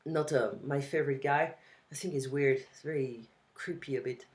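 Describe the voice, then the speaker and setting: Over a video call, a French-accented woman tutors a student one-on-one in a relaxed lesson, going slowly and repeating example phrases. Her very deep voice is steady and a little mellow.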